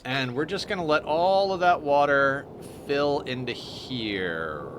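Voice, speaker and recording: A man's voice: medium pitch, takes it slowly. A man streaming a game live, chatting casually and explaining each step of his plan as he goes. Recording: steady background noise.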